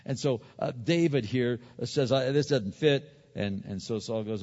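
A man's voice: mid-range voice, unhurried, few pauses, a little mellow. A man preaching a sermon in a casual, conversational way, with many fillers and restarts, who retells scenes with playful quoted voices. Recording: dull hall recording with long reverb.

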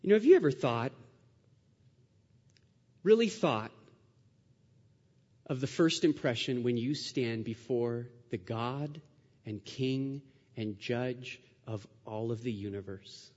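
A male pastor preaching a sermon, earnest and repetitive, building his phrases up to loud, emphatic rises. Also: mid-range voice, expressive, takes it slowly, long pauses. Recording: dull sound with long hall reverb.

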